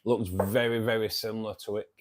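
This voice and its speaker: Chatty low-voiced man calling everyone mate. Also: little pitch movement, a little fast. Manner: chatty and friendly, calls viewers mate and buddy; hesitant, many ums and restarts. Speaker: aquarium channel host. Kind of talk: casual livestream chat answering viewers.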